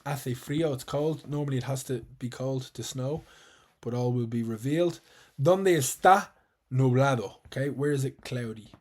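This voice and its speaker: An Irish man leads a live online revision class in a mid-pitched, everyday voice. He explains things patiently and clearly, slowing down to repeat key words. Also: a little mellow. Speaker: teacher. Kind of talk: online exam-prep lesson.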